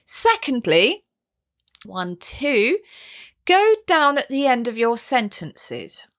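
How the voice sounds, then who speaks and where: A woman's voice: a little high, fairly bright tone. A woman voice coach hosting a podcast, giving tips in a bubbly, encouraging way. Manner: bubbly and encouraging, with playful vocal demonstrations. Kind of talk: instructional podcast talk.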